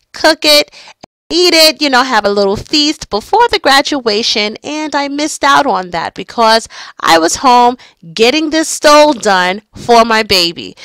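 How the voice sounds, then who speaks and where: A woman in her forties, an embroidery business owner, telling a personal story in an animated, emphatic way with lots of repetition. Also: on the high side, dry recording.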